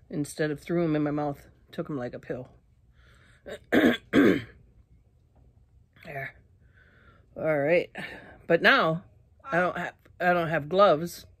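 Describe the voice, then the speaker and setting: A woman vlogging casually to her viewers, out of breath and clearing her throat often, talking in halting restarts. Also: low-pitched, no room sound. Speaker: YouTuber eating spicy candy. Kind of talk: casual vlog talk to camera.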